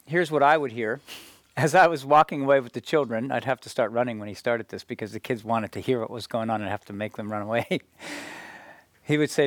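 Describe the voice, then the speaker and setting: A man tells stories to an audience in a loose, conversational way, often restarting mid-sentence and leaning on filler phrases. His voice sits at an ordinary middle pitch. The sound is dry and close, with no room echo. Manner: halting, many restarts and "you know". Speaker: speaker telling stories to an audience. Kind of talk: casual storytelling talk.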